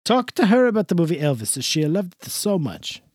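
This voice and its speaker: A man's voice: high voice, big pitch swings, a little fast, darkish tone, no echo, clean studio sound. A man voicing an effusive older male guest who talks in broken, gushing phrases.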